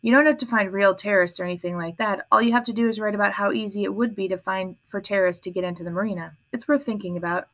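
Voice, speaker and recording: A woman's voice: medium pitch, steady tone, fast, few pauses, fairly bright tone, lightly acted. A woman reading as an earnest, bossy teenage girl who edits the school paper, speaking firmly and encouragingly. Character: teen girl newspaper editor, earnest, bossy.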